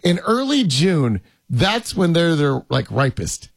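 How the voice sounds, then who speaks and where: Gravelly, jokey male podcast host. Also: fairly high pitch, sing-song, takes it slowly, dry recording. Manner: jokey, rambling, laughs often. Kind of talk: casual chat.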